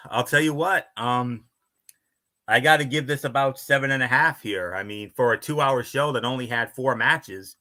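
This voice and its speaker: A man's voice: mid-range voice, sharp tone. A man co-hosting a wrestling recap podcast, talking loosely with lots of fillers and trailing sentences. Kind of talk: casual recap chat.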